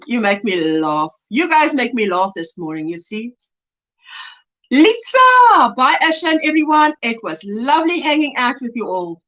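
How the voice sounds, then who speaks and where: A woman's voice: on the high side, a bit bright. Lady chatting on a crochet stream, laughs a lot, kinda dull lo-fi sound. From South Africa. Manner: chatty, laughs often, reads viewer comments aloud. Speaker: livestream host. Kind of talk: casual chat while crocheting live. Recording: lo-fi livestream audio.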